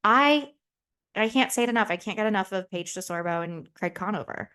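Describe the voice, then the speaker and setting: A woman's voice: medium pitch, lively intonation, brisk, bright, forceful tone, smooth. A young woman hosting a podcast in casual, candid chat, swearing freely and acting out the voices in her stories. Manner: chatty, candid and profane, acts out quoted voices. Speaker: podcast host.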